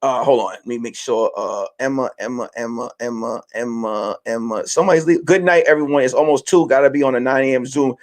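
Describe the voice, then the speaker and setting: Animated, profane man in his late thirties. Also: mid-range voice, fairly quick, few pauses. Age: late 30s. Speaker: podcast host. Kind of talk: casual monologue to listeners.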